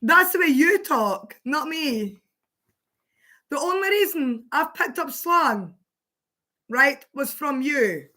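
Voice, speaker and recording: A woman's voice: sits high, expressive, takes it slowly, pauses often, bright, forceful tone. A woman hosting a livestream, chatting casually with her partner, swearing freely and laughing often. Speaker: livestream host.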